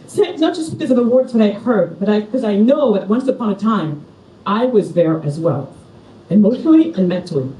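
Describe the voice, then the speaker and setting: A middle-aged woman from Senegal gives a passionate, personal keynote at a conference in a large hall. Her mid-range, dark-toned voice is lively in intonation and fairly quick, picked up from far off with echo and faint ambience.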